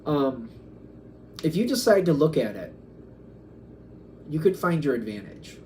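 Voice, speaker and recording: A man's voice: on the high side, very animated, measured pace, dark tone, a little hiss or hum. A man giving a casual tarot reading, musing aloud and acting out quoted back-and-forths. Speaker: tarot reader.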